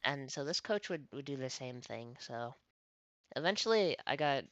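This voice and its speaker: A man's voice: mid-range voice, normal speed, no room sound. A young man chatting casually and telling a story, acting out what others said. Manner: animated, mimics others in quoted lines.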